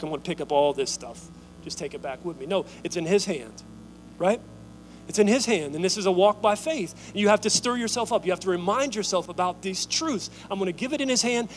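A man preaching a sermon as pastor, telling a story and urging the congregation, moving from loud calls to hushed, near-whispered lines. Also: high voice, slight background noise, low-quality recording.

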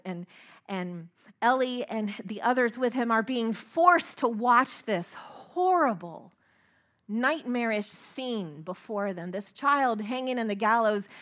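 Bright-voiced woman preaching. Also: a little high. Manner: earnest, emphatic with slow stressed phrases. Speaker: speaker. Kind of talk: sermon.

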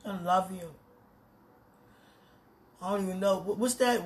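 With a husky, mid-range voice at a slightly slow pace, a podcast host talks aloud to God and a loved one. The personal monologue is emotional and pleading, moving from soft murmurs to loud declarations.

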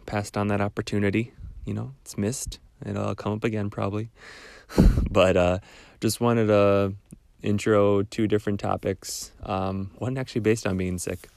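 A young man with a cold, hosting a casual solo podcast in a rambling, relaxed way with small laughs. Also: on the low side, vocal fry, no echo. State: stuffed-up cold voice. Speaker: podcast host.

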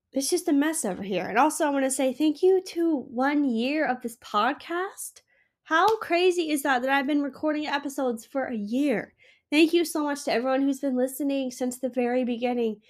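Young woman, podcast host, sick, gushing, rambling, emotional, slightly high voice. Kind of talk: casual solo podcast chat.

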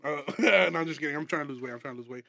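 A man's voice: fairly high pitch, racing, gravelly, sharp tone. A young man hosting a casual comedy podcast, rambling, profane and laughing often. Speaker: podcast host.

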